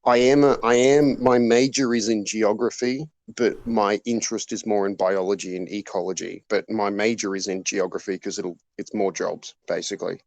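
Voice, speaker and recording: Laid-back young man, low voice. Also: steady tone, moderate pace, creaky, few pauses, darkish tone. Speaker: geography student. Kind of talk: casual voice chat. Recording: dry close sound.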